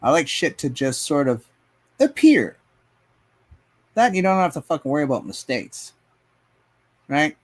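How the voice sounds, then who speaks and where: This man's voice is fairly high and his pace normal as he live streams his painting. He rambles to himself and to chat, casual and frequently profane.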